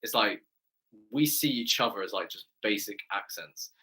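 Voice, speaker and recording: Man, English accent, fitness coach, live stream chat, enthusiastic, slightly low pitch, bright forceful tone. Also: lively intonation, normal speed. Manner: enthusiastic, chatty, keeps adding "right?".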